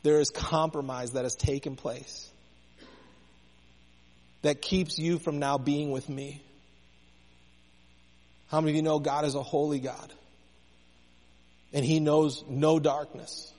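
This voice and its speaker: Male preacher, fairly high voice, impassioned sermon, long church reverb. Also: a little mellow. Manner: impassioned, rising and falling in intensity.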